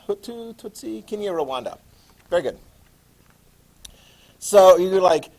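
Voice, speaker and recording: A man's voice: high voice, normal speed, long pauses, poor audio. Chatty man teaching a class. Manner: animated, chatty, asks the class questions. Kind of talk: classroom lecture.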